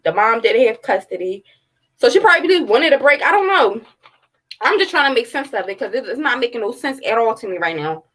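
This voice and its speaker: A woman's voice: on the high side, sing-song, a little fast, fairly bright tone, rough recording. Heated, profane woman in her thirties. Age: 30s. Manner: blunt, heated, profane ranting. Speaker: true-crime commentary host. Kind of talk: casual livestream commentary.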